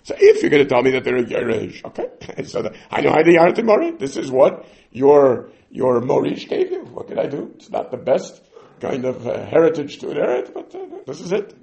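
A man teaching a Talmud lesson, animated and acting out the voices of the sages and side characters as he explains. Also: medium pitch, a little fast, gravelly.

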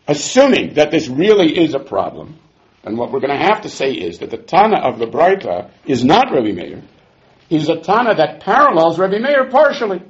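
A man leads a Talmud class with a high, lively voice that swings widely in pitch. He is sarcastic and quick to get exasperated, and he mixes Hebrew and Aramaic terms into his explanations. The recording sounds muffled and lo-fi. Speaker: Talmud teacher.

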